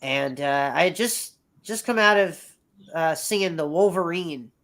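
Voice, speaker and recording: A man's voice: a little high, lively intonation, measured pace, a bit bright. Rambling, swearing man in his thirties. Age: 30s. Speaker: podcast guest. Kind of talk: casual storytelling.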